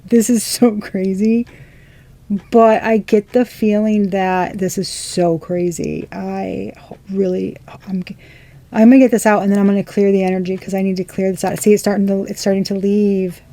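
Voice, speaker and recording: A woman's voice: medium pitch, steady tone, normal speed, mellow. A young woman giving a casual tarot reading, rambling and swearing in amazed disbelief. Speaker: tarot reader.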